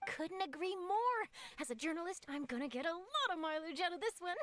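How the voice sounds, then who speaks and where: A woman's voice: very high voice, animated, a little fast, fairly bright tone. A woman voicing a bubbly, self-assured young female journalist in a game, chatty and dramatic. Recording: game audio with faint music.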